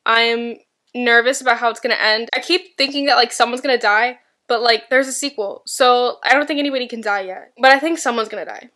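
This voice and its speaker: A woman's voice: on the high side, a little fast, bright, forceful tone. A young woman chatting casually about a book, rambling with lots of fillers and dry sarcastic asides. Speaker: book vlogger. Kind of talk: casual reading vlog chat.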